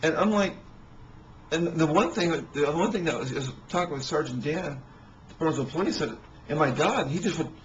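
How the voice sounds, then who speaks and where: A man telling rambling personal stories in a halting way, with many restarts and fillers. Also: fairly high pitch, dull audio, slight background noise.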